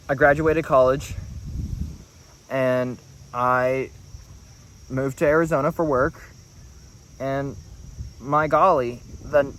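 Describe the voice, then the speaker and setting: A man's voice: mid-range voice, fairly bright tone, a little hiss or hum, rough recording. A young man from New Mexico with an American accent, telling a personal story in a rambling, self-correcting way. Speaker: vlogger. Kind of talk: casual talk to camera.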